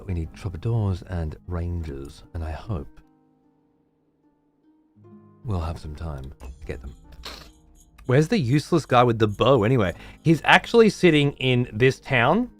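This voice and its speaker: A man's voice: medium pitch, a bit bright. A man casually commentating on a strategy game while streaming, chatty and swearing freely as he mutters to himself.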